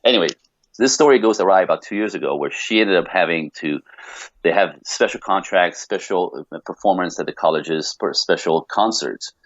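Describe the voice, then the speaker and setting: A man, a podcast guest, telling a long personal story in an animated, rambling way full of restarts. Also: sits low, moderate pace, no room sound, lo-fi sound. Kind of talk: casual podcast conversation.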